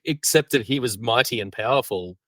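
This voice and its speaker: A man's voice: mid-range voice, moderate pace, sharp tone, no echo. A man co-hosting a comedy podcast, chatting casually with wry, teasing jokes. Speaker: podcast co-host.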